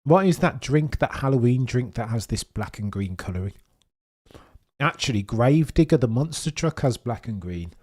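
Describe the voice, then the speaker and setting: A man's voice: mid-range voice, normal speed. A man hosting a live watchalong stream, rambling and joking as he chats with viewers, sometimes eating as he talks. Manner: rambling, jokey, excitable, talks to chat; eating while talking. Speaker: livestream host.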